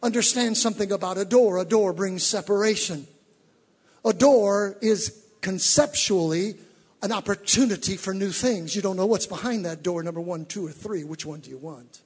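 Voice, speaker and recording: A male preacher giving a fervent sermon, rising from teaching to shouted exhortations. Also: sits high, breathy edge, in a large hall.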